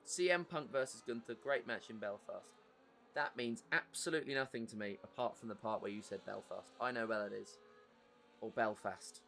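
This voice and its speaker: A man's voice: mid-range voice, fairly quick, vocal fry, fairly bright tone, slight background noise. A man with an English accent giving live commentary on an online racing league, chatty and answering viewer messages between race updates.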